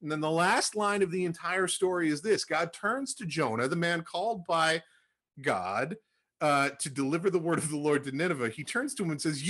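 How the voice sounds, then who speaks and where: A young man casually retelling a Bible story to a group, acting out the quotes with animated jumps in his voice. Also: moderate pace, husky. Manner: animated storytelling, acts out quotes with rising pitch. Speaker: Bible study leader.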